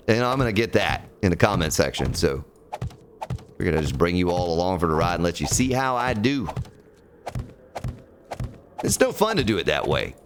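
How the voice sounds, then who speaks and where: A man's voice: low-pitched, sing-song, normal speed, long pauses, noisy background. A man chatting casually and ramblingly while streaming a building game. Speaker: gaming streamer. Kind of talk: casual let's-play commentary.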